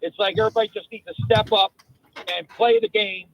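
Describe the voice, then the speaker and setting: A male caller on a sports radio show, speaking earnestly with halting fillers over a phone line. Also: high-pitched, steady tone, creaky, slight background noise.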